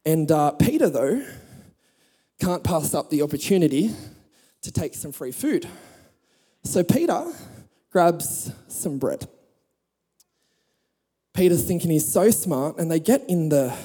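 A man pastor preaching a sermon to a congregation, telling a Bible story with humor and lively emphasis. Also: on the high side, long reverb tail. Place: church hall with audience.

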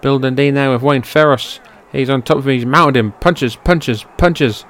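A man giving amateur play-by-play commentary on a wrestling match, shifting from low, offhand calling to loud, high-pitched outbursts laced with swearing, into his own microphone. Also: steady tone, a little fast. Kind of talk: amateur play-by-play commentary over old footage. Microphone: personal microphone.

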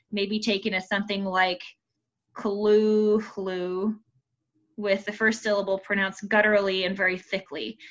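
Giggly woman podcast co-host, bright voice. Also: mid-range voice, dull audio. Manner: giggly, reads aloud haltingly. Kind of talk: casual chat.

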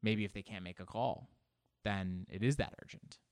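A man's voice: normal speed, no echo. A man hosting his own podcast, riffing in a rambling, self-mocking comedic monologue. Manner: self-mocking, digressive, jumpy in pitch. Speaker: podcast host.

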